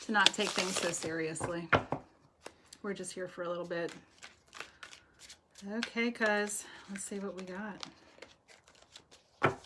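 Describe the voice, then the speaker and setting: A woman's voice: mid-range voice, very noisy. A woman giving tarot readings on a live stream, chatty and affectionate, laughing often. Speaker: tarot reader. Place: home, live video stream.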